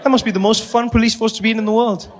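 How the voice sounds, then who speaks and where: A South African man performs stand-up comedy in a fairly high voice. He tells his stories playfully and with energy, slipping into the voices of the people in them. A faint hum of noise sits underneath. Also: fairly even intonation, racing, a crowd in the background.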